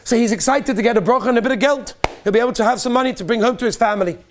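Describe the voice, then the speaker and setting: High-voiced rabbi telling stories animatedly. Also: male voice, very fast, a little hiss or hum. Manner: animated storyteller, rising to near-shouts at peaks; mixes Yiddish and Hebrew terms into English. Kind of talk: Purim sermon with storytelling.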